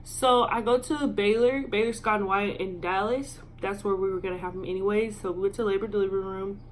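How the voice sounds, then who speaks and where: Woman telling a halting story. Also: mid-range voice, fairly even intonation, a little hiss or hum. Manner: halting and filler-heavy, emotional. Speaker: vlogger. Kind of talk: storytime vlog.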